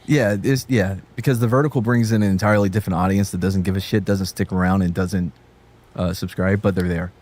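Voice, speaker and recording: A man's voice: low-pitched, steady tone, brisk, a little mellow. A man hosting a casual livestream chat, joking and cursing and laughing often. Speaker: livestream host.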